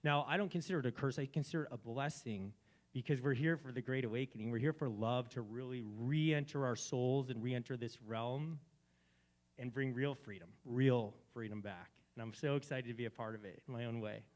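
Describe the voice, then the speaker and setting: A man hosts a live community gathering. He gives a spiritual talk in a preachy manner that moves between quiet reflection and emphatic, fervent declarations. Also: mid-range voice, a little fast. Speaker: event host.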